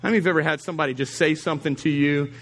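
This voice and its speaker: A man's voice: fairly high pitch, very fast, fairly bright tone. Emphatic male pastor preaching. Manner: emphatic, repeats key lines, acts out quoted people. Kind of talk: sermon. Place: church service.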